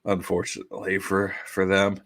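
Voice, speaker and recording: A man's voice: low-pitched, monotone, moderate pace, creaky, a bit bright. A man hosting a casual podcast chat, reading out list entries and swearing freely. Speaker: podcast host.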